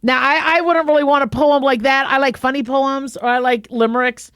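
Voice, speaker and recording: A woman's voice: high voice, fairly even intonation, a little fast, a bit bright, no room sound, clean studio sound. A middle-aged woman hosting a radio advice show, talking casually and playfully with many restarts. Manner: chatty, playful, frequent restarts.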